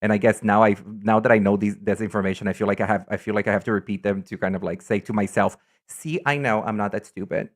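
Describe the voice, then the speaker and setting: A man's voice: on the low side, flat delivery, fast talker, hardly any pauses. A man from Brazil with a São Paulo Brazilian accent, a native Portuguese speaker, chatting casually and rambling as he reads viewer comments on a stream.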